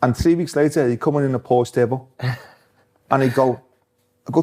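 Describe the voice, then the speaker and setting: A man's voice: mid-range voice, normal speed, long pauses, darkish tone. A man, a former footballer, cheerfully recalling an old teammate's antics in casual chat. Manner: amused, anecdotal.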